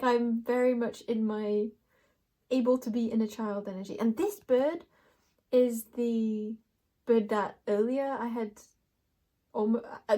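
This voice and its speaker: A woman's voice: a little high, dark tone. A young woman doing a casual card reading, playful and rambling, laughing often as she talks to herself and the viewer. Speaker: tarot reader.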